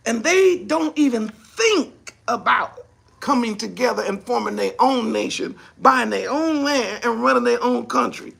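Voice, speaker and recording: A man with an unusually high voice and a sharp, gravelly edge delivers a heated commentary monologue. He hammers away with mocking rhetorical questions and often rises to a shout. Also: lively intonation, a little slow. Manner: mocking rhetorical questions, acts out imagined speakers. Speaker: ministry speaker.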